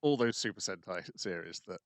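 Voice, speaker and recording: A man with a fairly low voice recaps events on a podcast at a measured pace, often pausing on "um". His voice sounds dry and close to the mic. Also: expressive, no echo. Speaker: podcast co-host. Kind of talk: casual chat.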